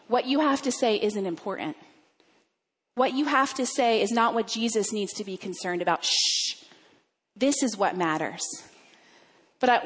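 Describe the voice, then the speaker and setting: A woman delivering a sermon in an earnest, measured way, often repeating phrases for emphasis. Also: a little high, a bit bright, big-room sound. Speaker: preacher.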